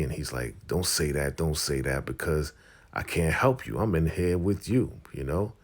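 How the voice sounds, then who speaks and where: Deep gravelly man recapping a show. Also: big pitch swings, normal speed. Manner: retells scenes in loose slang, acting out lines. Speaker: TV recap host. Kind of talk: casual episode recap.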